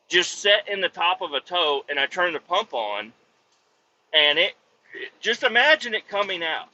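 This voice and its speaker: A man spins a long, meandering work story and swears freely all the way through. His voice rides slightly high with a piercing, forceful brightness. The recording sounds somewhat muffled and lo-fi, with a faint hum of ambience behind him. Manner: rambling, heavy swearing. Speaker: podcast host, vacuum truck operator. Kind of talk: casual storytelling monologue.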